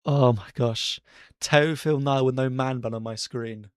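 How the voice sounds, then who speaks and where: A man streaming casual live race commentary from his bedroom, chatty and excitable as he cheers drivers on. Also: mid-range voice, a little slow, smooth, no room sound, clean studio sound. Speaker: streamer hosting a racing watchalong. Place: bedroom at home.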